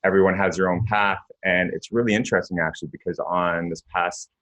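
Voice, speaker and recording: Low-voiced canadian guy hosting a podcast, relaxed chatty storyteller, laughs a lot. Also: a little fast, muffled recording. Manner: laid-back, storytelling, laughs often, drops quiet for anecdotes. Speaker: podcast host. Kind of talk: casual interview chat.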